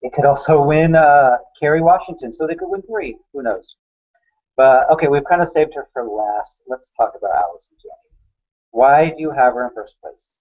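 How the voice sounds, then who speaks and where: A man's voice: medium pitch, moderate pace. Chatty man with dull lo-fi sound. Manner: enthusiastic, opinionated, chatty. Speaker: awards editor and co-host. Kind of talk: casual conversational discussion.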